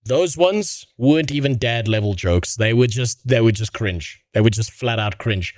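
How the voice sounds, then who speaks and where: A man's voice: medium pitch, lively intonation, normal speed, a little mellow, no room sound, clean studio sound. Blunt, profane male streamer. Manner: blunt, profane, laughs at his own jokes. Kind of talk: live reaction commentary.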